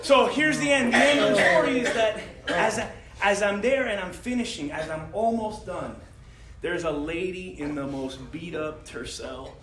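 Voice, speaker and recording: High-voiced man telling a rowdy story. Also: normal speed. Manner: animated, profane, laughing often. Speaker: podcast host. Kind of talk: casual storytelling. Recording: echoey room with loud crowd chatter.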